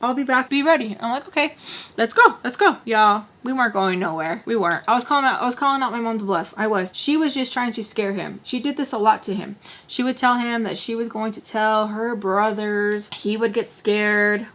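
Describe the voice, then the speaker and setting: A young woman vlogger telling a personal story in casual, animated chat, full of "like". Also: mid-range voice, moderate pace. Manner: animated, chatty, peppered with "like".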